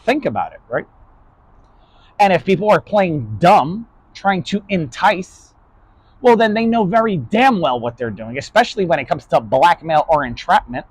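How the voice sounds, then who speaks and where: In a dry recording, a man with a voice on the high side and a breathy edge lectures his online philosophy class. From New York, he's casual and blunt, swears freely and ends nearly every point with "right?".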